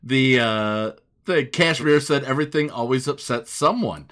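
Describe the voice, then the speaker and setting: An American man with a northern accent hosts a podcast in easygoing casual chat. He talks at an unhurried pace. His tone is bright. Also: medium pitch. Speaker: podcast host.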